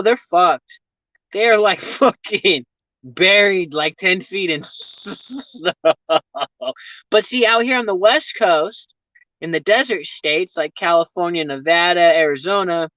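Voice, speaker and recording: A man's voice: high voice, unhurried, sharp tone, no echo. A man chatting with viewers on a casual live stream, rambling, swearing freely and laughing often, talking from his vehicle. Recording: dull lo-fi stream audio.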